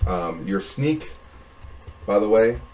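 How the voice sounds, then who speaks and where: A man with a very low voice narrates as game master, stopping and restarting often and filling gaps with "um" and "like." The room is echoey, and a faint hum sits underneath. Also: animated, darkish tone. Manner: halting, many fillers and restarts.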